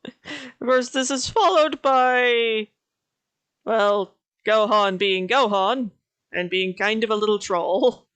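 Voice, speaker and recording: A woman's voice: fairly high pitch, slow pace, a bit bright, smooth, dry recording. A woman streamer chatting casually and laughing often.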